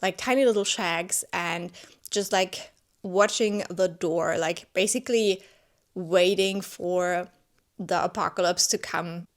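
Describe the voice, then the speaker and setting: Speaking slowly in a lowish voice, a book vlogger gives a casual spoken review of a novel from home, her cat nearby. English isn't her first language, and she's chatty and openly moved, exclaiming often, leaning heavily on "like," and restarting her sentences.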